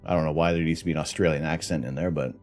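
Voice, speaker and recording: A man's voice: a bass voice, steady tone, racing, a little mellow, soft background music. A middle-aged Canadian man hosting a live stream, chatty and self-mocking, laughing often as he reads out explanations and answers chat. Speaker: livestream host.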